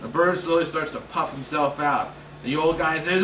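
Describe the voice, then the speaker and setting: A male stand-up comedian telling a long story in an animated way. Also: fairly high pitch, normal speed. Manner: animated, building excitement. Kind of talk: comic storytelling. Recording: roomy stage sound, distant mic, noisy.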